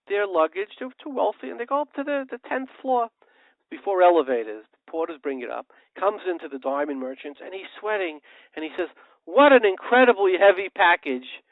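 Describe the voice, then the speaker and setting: A man's voice: high voice, no echo. A male radio show host giving an impassioned, preachy monologue, firing off rhetorical questions and telling parables. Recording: tinny phone-like line, dry.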